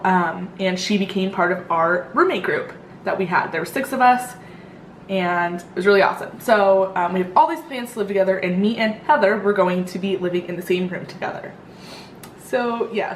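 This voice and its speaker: A woman's voice: mid-range voice, a little hiss or hum. A young woman vlogger telling a story in a casual, rambling way, full of fillers. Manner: chatty, rambling, lots of fillers. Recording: echoey room.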